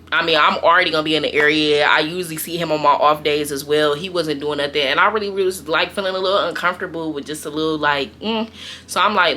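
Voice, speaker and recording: Young woman, bright edgy tone, lowish voice, slangy storytime chat, animated with lots of fillers. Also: a little hiss or hum. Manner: animated, slangy, frequent fillers and quoted asides. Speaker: storytime vlogger.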